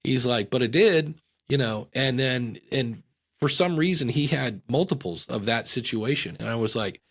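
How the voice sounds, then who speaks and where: A middle-aged man, a podcast guest, chatting casually and telling lively anecdotes in which he acts out the voices of the people in them. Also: mid-range voice, moderate pace. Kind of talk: casual storytelling chat.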